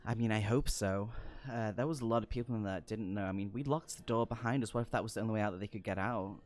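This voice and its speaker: A man's voice: lowish voice, fast, lightly acted. A man playing nervous young woman Vicky. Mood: shaken. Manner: hesitant, soft-spoken.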